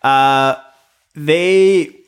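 A man's voice: fairly high pitch, very slow, clean tone. A man chatting casually, telling stories about restaurant work in a rambling way. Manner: rambling storyteller. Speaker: restaurant worker, podcast guest. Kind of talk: casual chat.

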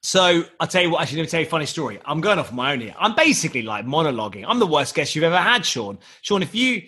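Chatty husky man. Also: fairly high pitch, sing-song, quick pace, pushed and bright. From United Kingdom. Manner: rambling, chatty, laughs often, swears. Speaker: podcast guest. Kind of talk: casual storytelling.

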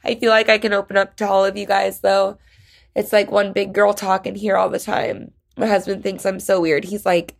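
A young woman hosting her podcast alone, rambling and halting with many fillers, emotional and close to tears. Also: medium pitch, level tone, gravelly. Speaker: podcast host. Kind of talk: casual solo podcast chat.

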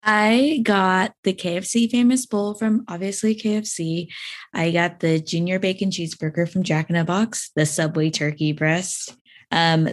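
A woman guest chatting casually on a podcast, quick to laugh and eager about her picks. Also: on the low side. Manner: enthusiastic, laughs easily. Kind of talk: casual chat.

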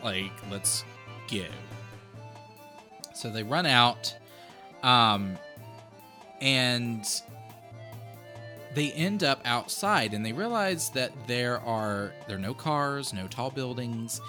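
Bright-voiced man recapping a story. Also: mid-range voice, slow, pauses often, faint music behind. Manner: retells with quoted voices and asides. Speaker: podcast host recapping a book. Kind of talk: casual chat.

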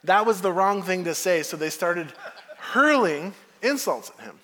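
High-voiced preaching man in a hall. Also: normal speed. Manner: conversational, animated storytelling preaching. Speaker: pastor. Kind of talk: sermon. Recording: long hall reverb.

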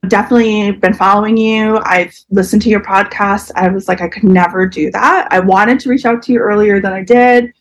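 A woman's voice: mid-range voice, fairly quick, few pauses. A woman in her forties, a podcast guest, telling a personal story openly and with feeling. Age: 40s. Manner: open, emotional, quotes people in lively voices.

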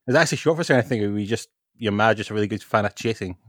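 A man's voice: on the low side, very fast, no room sound. Easygoing Scottish man, dry sound. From Scotland. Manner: easygoing, relaxed, rambling. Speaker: podcast guest. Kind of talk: casual podcast chat.

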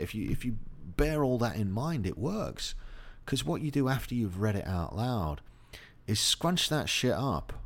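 Middle-aged man, low-pitched voice, blunt profane motivational talk, frank about grief. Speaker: host. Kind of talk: motivational monologue.

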